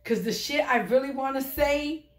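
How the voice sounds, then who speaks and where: A woman doing a casual tarot reading for her viewers, blunt, profane and animated. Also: sits high, normal speed, slight background noise. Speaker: tarot reader. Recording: echoey room.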